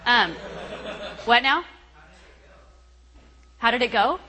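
A middle-aged woman speaks to a retreat group in a loose, chatty storytelling way. She laughs often and puts on quick voices for the people in her story. Her tone is bright and ringing. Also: fairly high pitch, expressive, poor audio.

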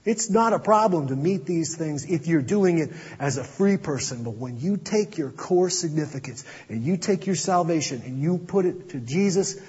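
A man preaching a sermon as pastor, earnest, dropping to a hush to press his points. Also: a little high, lively intonation, normal speed, hardly any pauses, husky. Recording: dull audio with long hall reverb.

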